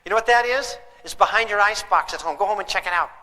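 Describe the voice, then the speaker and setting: A man's voice: sits high, quick pace, sharp tone, big-room sound, rough recording. A man teaching a parenting class to a live audience, emphatic and throwing questions at them.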